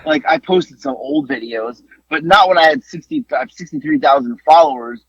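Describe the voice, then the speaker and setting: A man co-hosting a casual podcast, telling stories with lively exclamations and some swearing. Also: fairly high pitch, normal speed, husky, no echo. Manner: animated storytelling, swearing, exclamations. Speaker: podcast co-host. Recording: dull lo-fi dry podcast audio.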